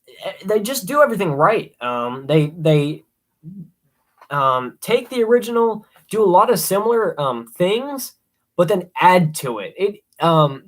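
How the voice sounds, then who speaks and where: A young man hosting a casual live stream, rambling with many ums and excited asides. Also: a little high. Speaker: livestream host ranking horror films.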